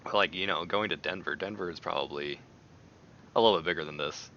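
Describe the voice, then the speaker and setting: A man rambling and exclaiming in a casual, animated way as he chats on camera. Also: low-pitched, a little fast, highs cut off. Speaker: video creator. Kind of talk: casual chat while taste-testing.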